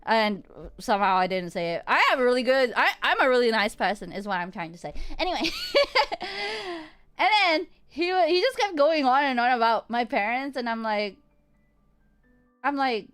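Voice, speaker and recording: A woman streamer telling a story in casual chat, animated, laughing often and swearing freely. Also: a little high, moderate pace, clean tone.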